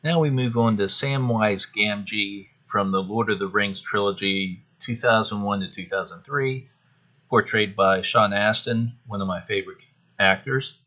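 Man, podcast host, chatty, rambling, slightly low voice, muffled lo-fi sound. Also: unhurried, pushed and bright. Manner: chatty, rambling, self-deprecating. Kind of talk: casual solo podcast.

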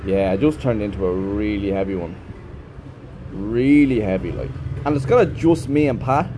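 A man's voice: fairly low pitch, normal speed, noisy background. A man who teaches English, talking in a chatty, rambling vlog monologue and swearing freely.

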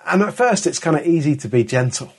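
Husky-voiced man preaching earnestly. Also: fairly high pitch, lively intonation, fast talker. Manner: earnest, emphatic, with frequent restarts. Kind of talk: sermon.

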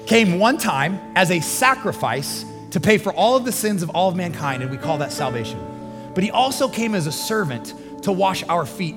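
A pastor preaching a sermon in an earnest, conversational way, building to emphatic peaks. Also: male voice, sits high. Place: large church hall. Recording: long church hall reverb with music behind.

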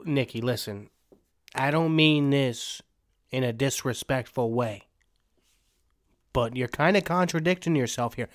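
A man's voice: mid-range voice, a little slow, long pauses, no room sound, clean studio sound. A man hosting a casual chat, asking needling, mock-serious questions. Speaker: host.

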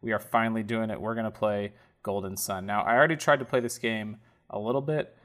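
Hosting a let's-play podcast, a man talks a little fast in a fairly low, fairly bright voice with fairly even intonation. He keeps up easy chatter while narrating the on-screen game dialogue, with noise behind him.

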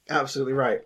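Brief: young man, husky voice, crude joking podcast co-host who acts out quotes. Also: medium pitch, sharp tone. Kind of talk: casual podcast banter.

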